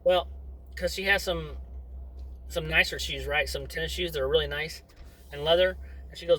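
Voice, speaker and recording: A man's voice: fairly high pitch, steady tone, moderate pace, pauses often, bright, forceful tone, poor audio. A middle-aged man chatting to camera as a vlogger in a rambling, wandering way, breaking off into asides. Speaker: vlogger and father. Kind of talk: casual rambling monologue to camera.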